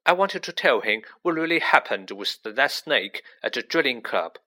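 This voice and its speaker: A hot-tempered young boy wizard, voiced by a man narrating a storybook, fierce and clipped. The bright voice leaps up in pitch whenever he pushes back. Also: expressive, moderate pace. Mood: angry, defiant.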